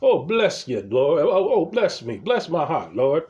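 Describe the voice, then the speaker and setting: A man's voice: on the high side, big pitch swings, a little slow, darkish tone, dull audio. A man voicing a fawning woman who gushes with pious exclamations. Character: fawning, gushing woman praising the Lord.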